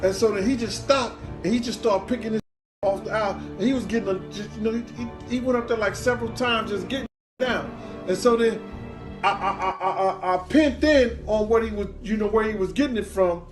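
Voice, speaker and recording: A man's voice: high voice, fairly quick, over music. A man telling a casual anecdote in slangy speech, stumbling and repeating words as he laughs his way through it. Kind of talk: casual storytelling.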